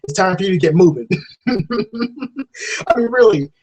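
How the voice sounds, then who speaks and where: A man giving a casual, rambling spoken film review, swearing freely and restarting sentences, often jumping into a high, excited voice to act out scenes. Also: unhurried, slightly rough, poor audio. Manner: jumps to high excited voice when acting out scenes.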